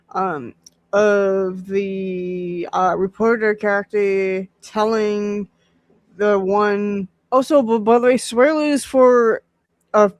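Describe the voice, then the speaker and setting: Slow, halting man with many fillers. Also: sits high, dry recording. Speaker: podcast host. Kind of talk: casual chat.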